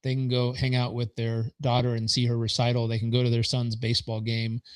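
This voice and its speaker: A man in his forties, a podcast guest and business consultant, telling stories in an animated way and acting out quoted dialogue. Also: mid-range voice, a little fast, smooth, poor audio. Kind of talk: conversational storytelling.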